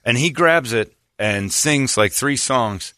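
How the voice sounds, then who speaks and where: On a radio show, a man tells a story in casual chat, animatedly acting out the voices of those he quotes. He speaks in a mid-range voice at a slow pace, captured in a dry recording with clean studio sound.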